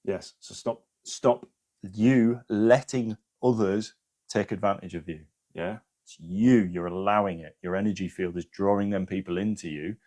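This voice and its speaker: A man's voice: fairly low pitch, normal speed, a little mellow. A man hosting a live stream, giving casual spiritual advice to viewers, swearing freely and often checking in with "yeah?".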